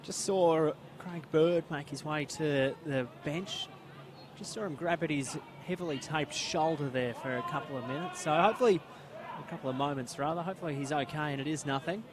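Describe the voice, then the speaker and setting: A man with an Australian accent calling live football play-by-play, quick and rising to shouts at big plays. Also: a little high, a crowd in the background. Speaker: play-by-play commentator. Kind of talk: live sports commentary.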